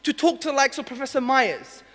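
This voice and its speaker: A man giving an impassioned religious talk to an audience in a lecture hall, moving between urgent emphasis and soft, emotional tones. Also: very high-pitched, a little fast. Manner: passionate, emotional, drops to soft intimate tones. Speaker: Islamic speaker. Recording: long hall reverb.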